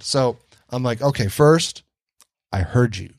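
A man's voice: medium pitch, unhurried, dry recording. A man hosting a podcast, telling a story casually, swearing freely and acting out the lines of the people in it. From Detroit area. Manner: swears freely, acts out quoted dialogue. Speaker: podcast host.

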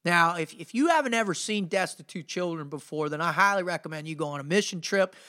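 A man's voice: fairly high pitch, quick pace. A middle-aged man hosting a podcast and telling his story as a motivational speaker, intense and emphatic, with lots of casual filler like "man" and "you know". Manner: energetic, informal, peppers speech with "man" and "you know".

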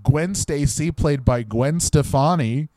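A man's voice: a little high, slow, warm tone. A man co-hosting a comedy podcast who tells absurd, playful stories in casual banter. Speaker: podcast co-host. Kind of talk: improvised comedy chat.

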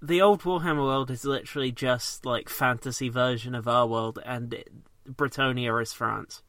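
A man's voice: mid-range voice, steady tone, moderate pace, bright, forceful tone, dry recording. A man in a casual podcast chat, chipping in with short replies and explaining fantasy game lore. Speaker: podcast co-host.

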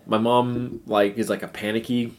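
A man's voice: fairly low pitch, flat delivery, normal speed, darkish tone. A man co-hosting a casual podcast, telling stories in a rambling way with many fillers and frequent laughter. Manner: rambling storyteller, lots of fillers, laughs often. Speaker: podcast co-host. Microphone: podcast recorder.

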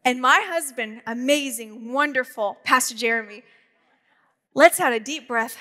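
A woman in her thirties preaches a lively sermon, jumping into stories with quick humorous asides. Her voice sits high and bright, and it rings out with the long reverb of a church hall. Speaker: pastor. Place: church auditorium.

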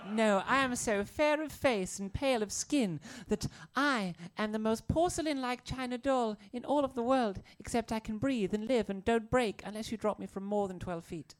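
A woman's voice: a little high, normal speed, hardly any pauses, lightly acted. Woman doing a giggly kooky henchwoman, whimsical, comedy audio play. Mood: gushing. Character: kooky, dreamy, posh-sounding female henchwoman.

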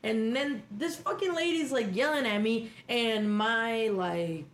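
A young woman from Kentucky co-hosting a casual podcast, telling heated stories full of swearing at a quick clip. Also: a little high. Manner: fast, profane, heated storytelling. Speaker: podcast co-host. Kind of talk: casual chat.

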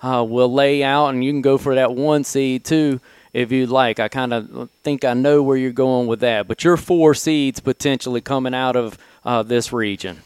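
A man's voice: mid-range voice, fairly even intonation, normal speed, a little mellow, smooth, no echo. A man hosting a casual sports talk show, leading the discussion in an easygoing way. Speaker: show host.

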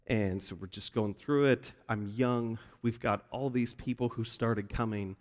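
Man preaching a sermon, mid-pitched voice, lively storytelling, long hall reverb. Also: a little slow. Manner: animated storyteller, acts out quoted voices. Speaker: pastor. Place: church sanctuary.

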